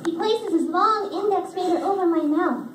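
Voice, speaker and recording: A woman's voice: extremely high pitch, moderate pace. A woman reading a novel aloud to a live audience, amused and giggling as she goes. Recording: echoey hall from far off, loud crowd noise.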